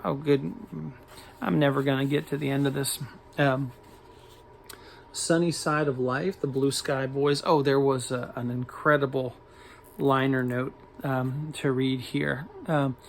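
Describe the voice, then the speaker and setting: Slow, gravelly-voiced man. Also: medium pitch, a little hiss or hum. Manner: hesitant, many ums and uhs; enthusiastic about odd records. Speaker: record collector showing a haul. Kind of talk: casual record haul video.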